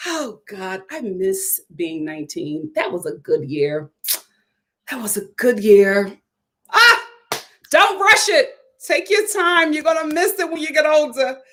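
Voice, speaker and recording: Animated, sassy young woman streamer. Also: high-pitched, slow. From Philadelphia. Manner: animated, sassy, laughs often. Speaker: live-stream host. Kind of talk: live-stream chat, reading viewer comments.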